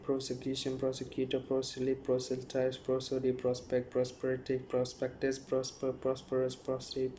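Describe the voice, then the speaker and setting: Male YouTuber, monotone word-list reader, dark voice, slight stumbles. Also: medium pitch, a little hiss or hum, rough recording. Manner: flat, monotone listing with stumbles. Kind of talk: reading word list aloud.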